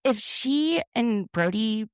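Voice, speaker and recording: A woman's voice: fairly high pitch, expressive, slow, clear, resonant tone, no room sound, clean studio sound. A woman co-hosting a podcast, recapping a reality show in an opinionated, sarcastic way. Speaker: podcast co-host. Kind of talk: casual recap chat.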